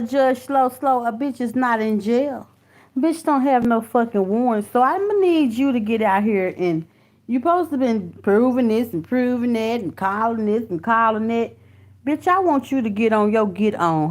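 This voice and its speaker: Here a woman with a slightly high, a little mellow voice runs a casual live stream on a phone or computer mic. She reads comments, welcomes viewers by name, and talks bluntly and profanely, using "honey" and "baby" for her audience.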